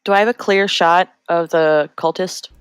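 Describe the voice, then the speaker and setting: A woman's voice: lowish voice, fairly even intonation, moderate pace, clear, resonant tone, no echo. Woman player, plain matter of fact talk, dry close mic. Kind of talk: casual game chat.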